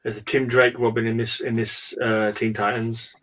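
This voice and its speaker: A man's voice: mid-range voice, little pitch movement, moderate pace, a bit bright, slight background noise. A man hosting a casual online hangout, chatting and rambling as he flips through items. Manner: rambling, chatty, trails off and restarts. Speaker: podcast host. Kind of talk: casual chat. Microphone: video call hangout.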